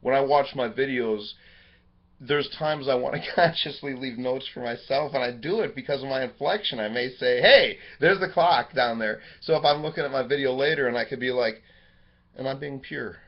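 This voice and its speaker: A man talking into his webcam in a rambling, profane personal monologue, jumping between excited high bursts and low, quiet musing. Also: brisk. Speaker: vlogger. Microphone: webcam microphone. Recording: dull lo-fi webcam audio.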